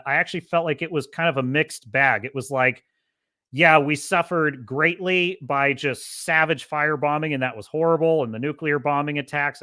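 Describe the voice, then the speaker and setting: Bright-voiced man ranting about movies. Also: a little high, no room sound. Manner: impassioned, profane, swings into mocking impressions. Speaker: podcast host.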